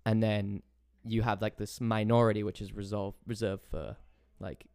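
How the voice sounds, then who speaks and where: A man's voice: on the low side, level tone, normal speed, a little mellow, clear, resonant tone, dry recording, studio quality. A man chatting casually and easily, tossing in words like dude and man. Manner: laid-back and chatty, says dude and man. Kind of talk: casual conversation.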